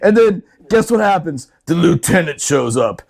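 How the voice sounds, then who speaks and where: A man's voice: fairly high pitch, normal speed, vocal fry. A man hosting a podcast, telling profane old service stories in casual chat and laughing often. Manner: laughs often, acts out quotes; profane, animated banter. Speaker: podcast host.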